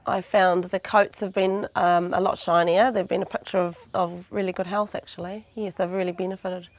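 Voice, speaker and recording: A woman farmer giving a calm, approving testimonial about her animals' health. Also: fairly low pitch, moderate pace, no echo. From New Zealand. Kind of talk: testimonial interview.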